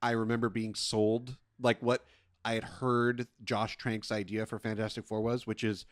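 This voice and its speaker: A man's voice: lowish voice, little pitch movement, normal speed, no echo, studio quality. A man co-hosting a podcast in casual chat, talking in a loose, rambling way and laughing often. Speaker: podcast co-host.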